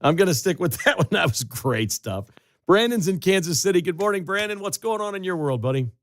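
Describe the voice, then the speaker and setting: Male talk radio host, dry studio sound, mid-pitched, teasing and jokey with callers. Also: lively intonation, brisk, no echo. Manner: joking, teasing. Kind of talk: call-in radio hosting.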